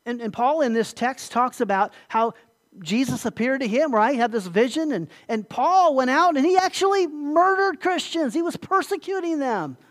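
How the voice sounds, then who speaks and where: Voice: high-pitched, expressive, moderate pace. Pastor, sermon delivery; emphatic, repetitive, asks the listeners questions.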